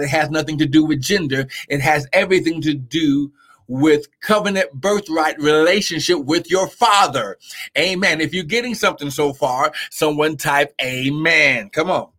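Fervent bright-voiced preacher man. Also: high-pitched. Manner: fervent, repeats "how glory" and "come on now"; talks to online viewers by name. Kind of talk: live-streamed sermon.

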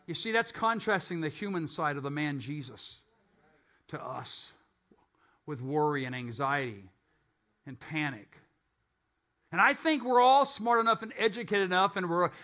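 Older man, pastor, casual sermon delivery, high bright tone. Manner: conversational, self-questioning preaching.

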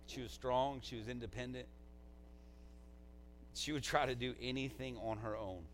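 Heartfelt pastor giving a eulogy. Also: male voice, medium pitch, normal speed, slight background noise, poor audio. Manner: conversational and heartfelt, fillers like "man".

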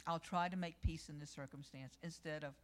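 A woman's voice: deep voice, steady tone, a little fast. A woman giving a midweek church devotional, earnest and conversational, telling personal stories and reading scripture aloud. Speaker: church speaker.

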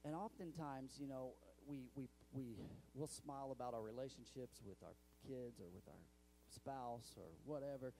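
A man's voice: mid-range voice, moderate pace, few pauses, mellow, a little hiss or hum. A young male pastor preaching a sermon in a church, telling stories in a conversational way with many restarts. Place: church sanctuary.

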